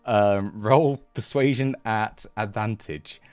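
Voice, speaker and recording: Man game master, lowish voice, lively sound effects, dry close mic, soft music behind. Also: slow pace, clean tone, dry recording. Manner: animated narration, acting out sound effects, laughs often. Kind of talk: narrating a tabletop game.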